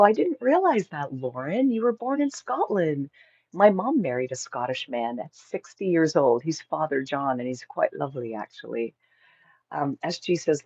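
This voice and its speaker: A middle-aged woman hosting a casual livestream, reading viewer comments aloud and chatting back with bright exclamations. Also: low-pitched, husky, no echo, muffled recording.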